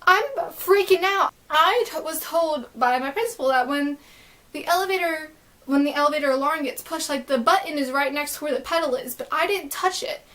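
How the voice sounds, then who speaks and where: A young adult woman telling a storytime vlog, excitable and rambling, with lots of filler words. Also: high voice, moderate pace. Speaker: vlogger.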